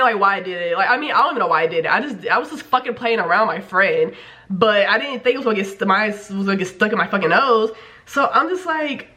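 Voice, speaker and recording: A young woman talking straight to her camera in a loose, chatty vlog. Her voice sits a little high, and she swears freely and fills her talk with "like.". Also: pushed and bright. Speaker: vlogger. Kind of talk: casual storytelling to camera.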